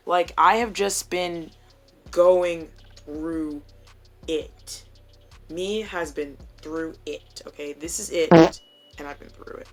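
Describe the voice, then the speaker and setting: Chatty young woman with a lowish voice. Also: fairly even intonation, takes it slowly. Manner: chatty, joking, candid and profane. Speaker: vlogger. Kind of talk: casual chat to camera. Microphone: phone camera.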